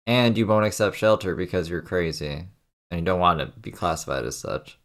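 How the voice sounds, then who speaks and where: A man's voice: low-pitched, expressive, a little fast, a bit bright. A man hosting a commentary show, cutting in with blunt, crude, sarcastic remarks over clips. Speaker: commentary host.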